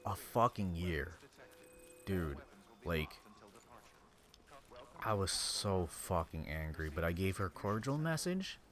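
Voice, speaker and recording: A man's voice: deep voice, very animated, normal speed, few pauses, a bit bright. A man live-streaming a game, venting angrily with heavy swearing and sometimes dropping to a tired whisper.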